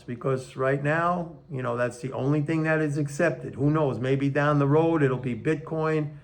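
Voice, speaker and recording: An older man giving a casual, emphatic opinion monologue on economics, slowing down to stress his points, recorded on a camera on a tripod. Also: on the high side. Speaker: economics commentator.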